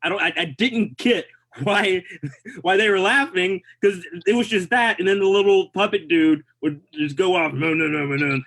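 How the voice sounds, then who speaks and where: Male stand-up comic, profane exasperated rant, high, slightly high-pitched voice. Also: moderate pace, fairly bright tone. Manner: profane, exasperated ranting with mock outrage. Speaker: stand-up comedian. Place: comedy club stage.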